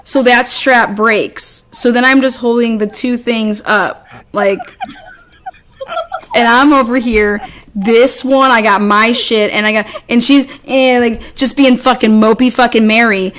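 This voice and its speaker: A woman's voice: a little high, steady tone, a little slow, a bit bright, a little hiss or hum. Exasperated, foul-mouthed woman telling a story. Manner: profane, exasperated, rambling with many restarts. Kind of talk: casual storytelling chat.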